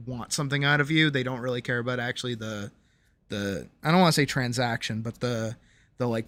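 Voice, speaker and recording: A young adult streamer chatting casually on a stream. They talk candidly and ramble, restart sentences often, and let the ends of sentences trail off quietly. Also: medium pitch, dry recording. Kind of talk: casual stream chat, reading chat messages.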